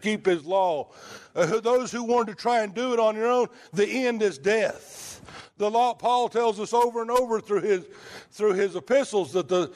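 A man preaching a sermon in a conversational way, asking the congregation rhetorical questions. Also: sits high.

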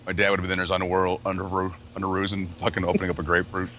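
A man's voice: sits low, completely flat delivery, racing, a bit bright, a little hiss or hum. A man telling profane, laughing stories in a casual chat among friends. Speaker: podcast regular.

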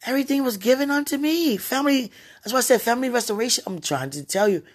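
A woman's voice: fairly high pitch, expressive, fast talker, husky. A tipsy woman rambling casually to her viewers, giggling and interrupting herself as she talks. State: tipsy from wine. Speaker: live streamer.

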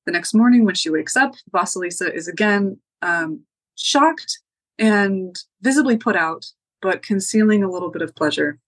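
A woman retelling a folktale as a podcast guest, relaxed with frequent ums and likes. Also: medium pitch, normal speed, no room sound, poor audio. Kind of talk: casual oral storytelling.

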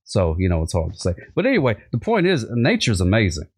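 A man hosts a loose comedic conversation in a somewhat low voice. He rambles and jokes his way through tangents, doubling back on his words as he goes. The delivery is relaxed and conversational. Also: fast, slightly rough. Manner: rambling and jokey, with many restarts. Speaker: podcast host. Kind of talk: casual comedic chat.

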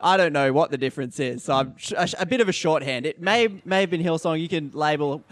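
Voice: medium pitch, no echo. Australian interview host; casual, chatty, playful with the guest. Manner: chatty, joking, quick to laugh.

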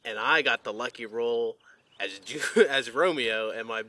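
A man's voice: medium pitch, normal speed, crowd noise. A young man as a podcast guest, telling school stories casually and laughing along. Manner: laid-back, laughs through his stories. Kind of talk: casual chat, storytelling.

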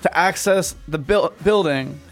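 A man's voice: fairly high pitch, measured pace, faint music behind. A man running a tabletop game as game master, easygoing as he steers the players back on track.

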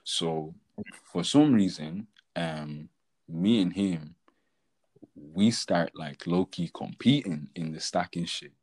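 A man's voice: sits low, slow, a little mellow, low-quality recording. A young man, co-hosting a podcast and telling a rambling story full of slang and fillers. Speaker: podcast co-host. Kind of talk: casual chat.

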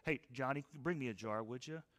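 A man's voice: mid-range voice, brisk, a bit bright, big-room sound, natural voice. A man voicing a poor, frightened widow with her sons, talking in a flustered, anxious way. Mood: unsure.

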